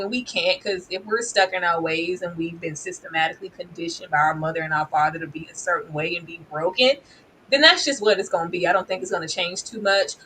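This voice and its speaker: A woman reviewing a reality show in casual commentary, animated and slangy, laughing often. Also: fairly low pitch, slight background noise, poor audio.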